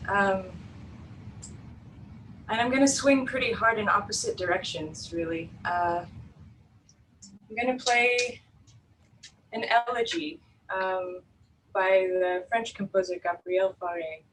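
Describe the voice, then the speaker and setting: A woman cellist introducing her pieces at an online open mic in an unhurried, hesitant way. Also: mid-range voice, fairly bright tone. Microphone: video call. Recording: distant mic, faint background noise.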